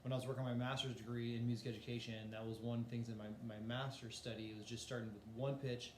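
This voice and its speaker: A man's voice: medium pitch, level tone, rapid-fire, roomy sound, slight background noise. A man teaching a voice lesson in a casual, explanatory way, demonstrating breathing and singing exercises. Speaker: music teacher.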